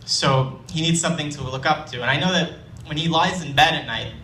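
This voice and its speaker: A young man tells a personal story on stage in a chatty, self-deprecating way, often restarting his phrases. His voice is bright and forward. The sound is roomy and picked up from a distance. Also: fairly high pitch, fairly quick, a little hiss or hum. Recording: roomy live hall, distant mic, faint ambience.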